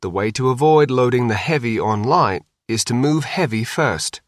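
A man's voice: medium pitch, lively intonation, moderate pace, dry recording, studio quality, close to an everyday voice. A man voicing a middle-aged father and former soldier who gives clipped, matter-of-fact orders.

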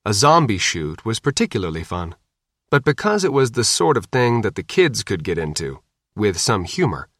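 Narrating a novel, a man uses a mid-range voice and a steady, wry storytelling style for this scripted audiobook reading. The sound is clean studio audio with no echo.

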